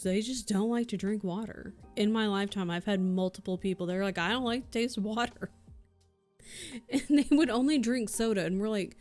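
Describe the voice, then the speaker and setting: Woman, streamer, casual livestream chat, ranting, lots of swearing, mid-pitched voice.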